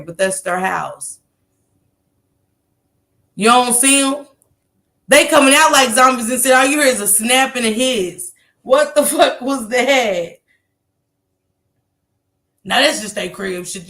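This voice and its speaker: A woman's voice: a little high, sharp tone. A woman telling a story to her live chat in a casual way, laughing often and acting out what other people said.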